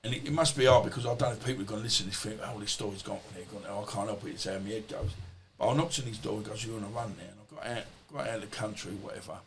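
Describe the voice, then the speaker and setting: A man's voice: on the low side, very fast, few pauses, a little hiss or hum. A man, a podcast guest, telling stories in a rambling, colloquial way and swearing freely. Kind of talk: casual storytelling interview.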